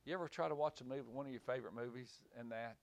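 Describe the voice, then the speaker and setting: A man preaches rapid-fire to a small group gathered in a small room, rambling and repeating words, then landing emphatic points. His voice sits in the mid range. It's a small-group Bible teaching.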